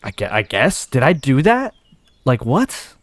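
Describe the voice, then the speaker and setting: A man's voice: mid-range voice, huge pitch swings, a little slow, no echo. A young man giving casual let's-play commentary, thinking aloud and talking himself in and out of ideas as he goes. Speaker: gaming video host.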